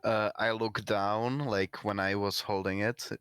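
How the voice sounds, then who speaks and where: A man's voice: fairly low pitch, fairly even intonation, measured pace, a bit bright, smooth, dry recording, studio quality. A man playing a tabletop game, talking casually and hesitantly, his voice rising on questions. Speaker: player. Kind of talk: tabletop role-play.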